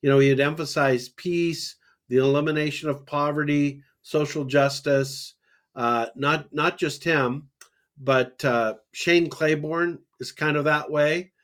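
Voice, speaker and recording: A man co-hosting a religious discussion podcast, talking in a halting way with many fillers and restarts. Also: on the high side, fairly even intonation, a bit bright. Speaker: podcast co-host.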